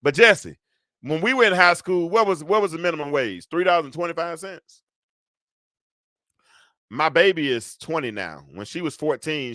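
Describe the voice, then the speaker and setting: A man in his fifties hosting a live call-in talk show, rambling and animated as he talks back to callers and chat. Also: mid-range voice, no room sound, studio quality. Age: 50s. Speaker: show host.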